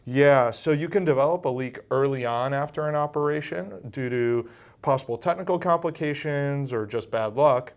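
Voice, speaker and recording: A middle-aged male surgeon giving calm, patient medical explanations in an interview. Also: mid-range voice, normal speed. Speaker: bariatric surgeon.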